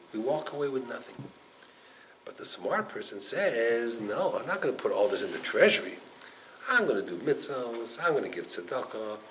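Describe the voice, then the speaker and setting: A man, a rabbi, teaching a Torah class, acting out parables and swinging from loud exclaiming to near-whispers. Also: medium pitch, a little hiss or hum, low-quality recording. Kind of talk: animated Torah class storytelling.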